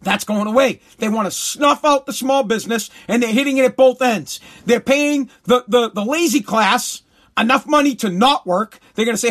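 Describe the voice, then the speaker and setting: A man with a strikingly high voice delivers a heated, profane rant. He repeats his points and breaks into shouts. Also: moderate pace. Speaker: commentator. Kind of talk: ranting commentary.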